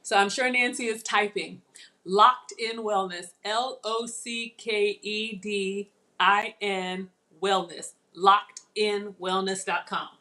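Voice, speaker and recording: A woman's voice: mid-range voice, steady tone, slow, pushed and bright. A middle-aged woman, hosting a chatty live cooking demo and talking viewers through each step. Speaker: channel host.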